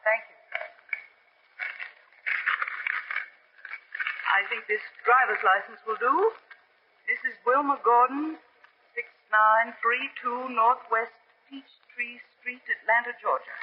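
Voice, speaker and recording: An actress playing a cunning female spy in disguise, crisp and coolly commanding, in 1940s radio acting. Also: a little high, unhurried, slight background noise, lightly acted. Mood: polite, official. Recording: muffled old radio recording.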